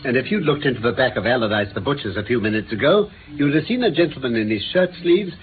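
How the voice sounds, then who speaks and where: A brisk, teasing gentleman detective, played by a man in a radio drama. His speech is crisp and theatrical, swinging lively up and down. The sound is thin and phone-like with a faint hiss. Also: mid-range voice, close to an everyday voice.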